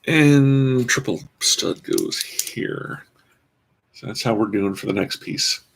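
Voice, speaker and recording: A man's voice: fairly low pitch, sing-song, slow, creaky, husky. A man casually commenting as he builds a toy kit, rambling with dry, self-mocking asides. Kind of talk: casual live-stream commentary.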